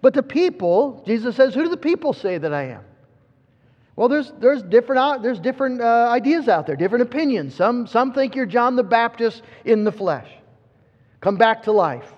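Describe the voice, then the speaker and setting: High-voiced man preaching in a hall. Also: sing-song, normal speed. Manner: earnest, repeats words as he restarts. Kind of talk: sermon. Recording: muffled sound with long hall reverb.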